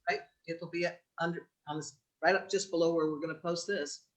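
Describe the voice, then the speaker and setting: A woman's voice: fairly low pitch, steady tone, fairly quick. Rambling woman author on a video call. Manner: thoughtful, rambling, many restarts. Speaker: guest author. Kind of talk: casual chat.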